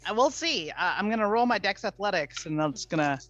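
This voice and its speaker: Woman, tabletop player, rambling, lots of fillers, animated pitch, dull lo-fi sound. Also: brisk, soft background music. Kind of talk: casual tabletop game chat.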